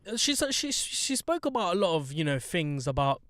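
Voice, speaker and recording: A man's voice: high voice, sing-song, moderate pace, fairly bright tone, no echo, clean studio sound. A man hosting a podcast, chatting in a blunt, joking, sweary way with lots of slang. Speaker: podcast host. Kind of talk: casual chat.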